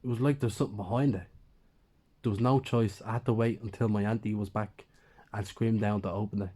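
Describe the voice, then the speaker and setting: A man's voice: fairly low pitch, steady tone, brisk, dark tone. A man narrating a first-person horror story in a plain, conversational way.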